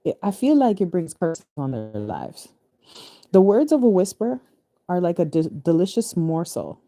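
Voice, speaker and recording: A woman with a low, very mellow voice talks through scripture in a relaxed, chatty way. She reads a verse, then wanders into loose asides, restarting phrases and laughing easily. Her voice sits close and dry, with no room sound around it. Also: normal speed, dry recording. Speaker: spiritual reader. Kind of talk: casual scripture reading and commentary.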